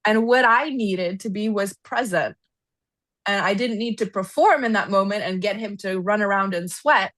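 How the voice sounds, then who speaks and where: It's casual interview storytelling from a podcast guest who works as an equine therapist: she's animated and conversational, sprinkling in "like" often, and her voice rises when she recalls being angry. Her voice is mid-range at a normal speed, recorded close and dry with no room sound.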